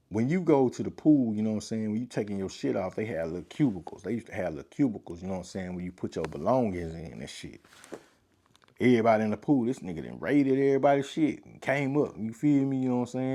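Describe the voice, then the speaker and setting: A man telling a personal story in casual, slangy speech, full of filler phrases and profanity, growing more animated at the tense parts. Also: on the low side. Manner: animated, rising louder in tense moments.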